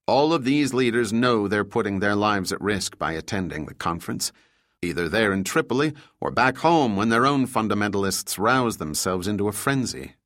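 A man's voice: fairly low pitch, lively intonation, moderate pace, no room sound, studio quality. A male narrator voicing a stern senior intelligence official who speaks firmly and commandingly. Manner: firm, commanding, shouting when crossed.

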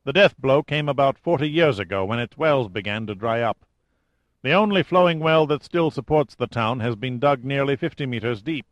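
A man's voice: mid-range voice, lively intonation, moderate pace, no echo, highs cut off, natural voice. A man voicing a self-assured ex-marine safari leader who speaks in clipped, rehearsed tones, read from a storybook.

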